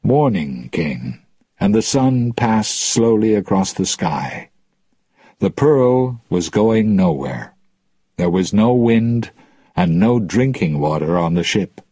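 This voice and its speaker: Male audiobook narrator, low voice, lively pitch, slow deliberate reading. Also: slightly rough, no echo.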